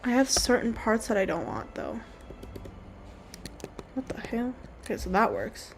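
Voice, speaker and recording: Very animated yet unhurried, a young woman with a high-leaning voice and vocal fry talks casually as she draws on stream. She wanders from topic to topic, apologizes, mocks herself and breaks into silly voices, over a slight hiss or hum.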